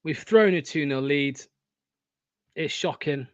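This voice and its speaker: A young man hosting a live football watchalong, swearing often and swinging from excited shouting to deflated muttering. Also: fairly high pitch, slow pace, dry recording, muffled recording. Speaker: fan watchalong host.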